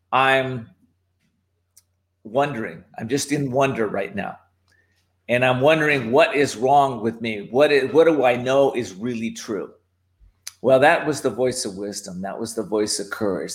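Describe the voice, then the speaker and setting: A man's voice: mid-range voice, a bit bright. A man as a podcast guest, telling his life story in a reflective way, with fillers and restarts. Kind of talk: personal storytelling.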